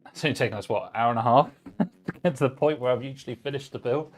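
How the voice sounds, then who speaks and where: A man's voice: mid-range voice, quick pace, faint music behind. Chatty man streaming a PC build. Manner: chatty, relaxed, reads chat messages aloud while working. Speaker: livestream host building a PC. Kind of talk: casual live-stream chat.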